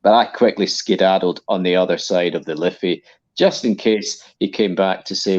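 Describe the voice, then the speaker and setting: A man's voice: sits low, normal speed, a little mellow, highs cut off. A man joining a casual livestream as a guest, telling long, rambling anecdotes. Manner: long-winded anecdotal storytelling. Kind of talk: casual live-stream chat.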